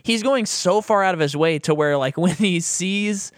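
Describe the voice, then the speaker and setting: A man with a high voice co-hosts a podcast, chatting casually about a movie at a moderate pace. He gives blunt opinions and laughs often. The studio-quality recording has no room sound.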